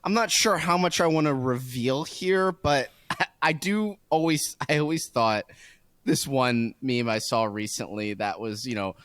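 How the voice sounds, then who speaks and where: A man's voice: mid-range voice, a bit bright, dry recording, clean studio sound. A man co-hosting a podcast, chatting casually, rambling and laughing as he tells stories. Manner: rambling, laughing, drawn-out storytelling. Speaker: podcast co-host. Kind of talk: casual chat.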